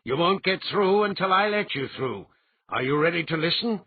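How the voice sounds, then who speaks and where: A man's voice: on the high side, lively intonation, moderate pace, slightly rough, phone-quality sound, pitched above the performer's own voice. A man voicing a grim, confident male hero who speaks firmly and plainly. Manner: grim, firm, plain-spoken.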